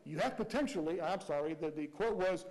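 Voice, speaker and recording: A prosecutor with a high-pitched male voice argues before a judge. He talks in a measured courtroom manner and keeps driving his case home with pointed rhetorical questions. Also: animated, a little mellow, poor audio. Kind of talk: courtroom argument.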